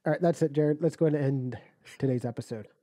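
A man co-hosting a casual sports podcast in a halting, deadpan way. His voice is very dark and mellow and sits a little high. It is recorded close and dry. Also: dry recording. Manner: halting, deadpan, with many restarts. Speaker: podcast co-host. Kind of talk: casual chat.

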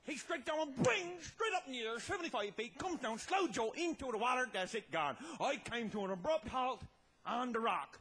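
A man telling a tall tale as a comedy monologue, loud and laughing, often breaking into shouts. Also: very high voice, animated, normal speed, husky. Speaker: comic storyteller.

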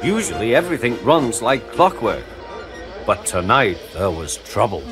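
Male storybook narrator, lively, varied pitch, music underneath. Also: normal speed. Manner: gentle, expressive storytelling. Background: background music.

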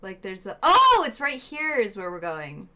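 A woman's voice: a little high, huge pitch swings, moderate pace, bright, forceful tone, slight background noise. A woman streaming herself playing a video game, chatting casually with viewers and friends in the room.

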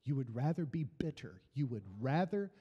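A man's voice: medium pitch, animated, normal speed, mellow, husky, in a large hall, dull audio. A middle-aged man preaching a sermon as pastor, building emphasis through repeated phrases. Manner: preaching with rising emphasis and repetition.

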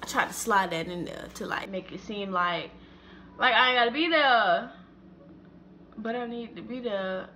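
A young woman in her late teens telling a dramatic storytime vlog in an animated, slangy way. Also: medium pitch, normal speed, a little hiss or hum. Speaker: vlogger.

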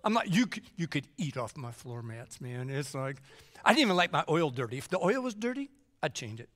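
A man's voice: fairly high pitch, a little fast. A middle-aged man preaching a sermon as pastor, joking and acting out whiny kids between Bible readings. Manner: jokey, animated, acts out kids whining. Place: church sanctuary. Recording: long church hall reverb.

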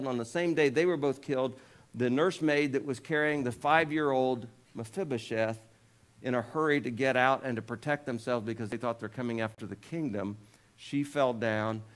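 Man, pastor, preaching a sermon, relaxed storytelling, jokey asides, mid-pitched voice. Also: normal speed. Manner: casual storytelling with asides and jokes; lifts pitch and volume when voicing quoted figures.

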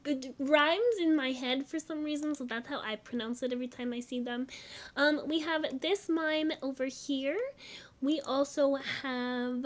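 Young woman gushing over her game, high bright voice, chatty, giggly asides. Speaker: gaming channel host. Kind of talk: casual game commentary.

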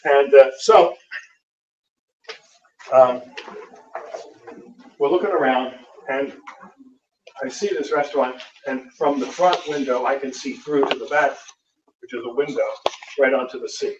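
An American man, a Catholic priest, tells stories from the podium with relaxed, dry humor and frequent fillers. His voice sits in the middle range and is picked up from a distance in a roomy hall. The sound is dull and lo-fi, with faint noise underneath. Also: mid-range voice, a little slow, long pauses. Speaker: Catholic priest giving a conference talk. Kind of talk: anecdotal conference talk. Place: lecture hall.

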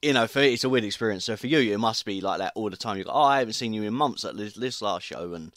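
A British man hosting a podcast, talking in a lively, excitable way and laughing often as he chats with his guest. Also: lowish voice, quick pace, no room sound, studio quality. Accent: British English. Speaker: podcast host. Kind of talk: casual podcast interview.

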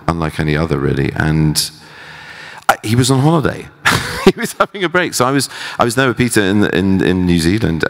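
Very deep-voiced man, halting stage interview. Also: creaky. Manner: halting, restarts, self-deprecating asides. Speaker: actor and festival guest. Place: festival theater stage. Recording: long hall reverb.

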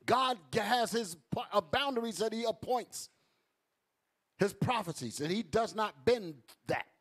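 A man's voice: high-pitched, expressive, measured pace, a bit bright. A man teaching a Bible class in an emphatic preaching style, calling out to his listeners. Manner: emphatic, calls out to the audience.

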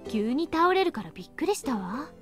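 A woman voicing a strict female military instructor from a game, speaking calmly, firmly and gently, with game music behind her. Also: high voice, very fast. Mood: gentle concern. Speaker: game character voice.

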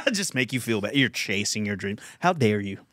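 Animated laughing young man, lively pitch. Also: a little slow, no room sound, clean studio sound. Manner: animated storytelling, laughing, mimicking a friend in loud shouts. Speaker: podcast host and comedian. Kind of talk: casual podcast chat.

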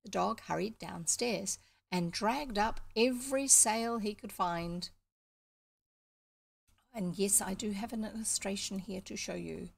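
A woman's voice: medium pitch, a little slow, vocal fry, slight background noise. A woman with a New Zealand accent reading a children's book aloud, stopping for chatty, explanatory asides. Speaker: storybook reader.

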